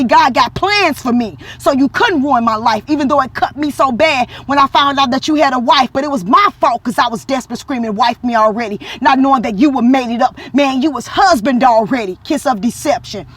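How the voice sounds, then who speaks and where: A woman telling a personal faith story in casual vlog talk, acting out quotes with animation. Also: high voice. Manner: animated, acts out quotes in a lively voice, religious talk. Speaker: vlogger.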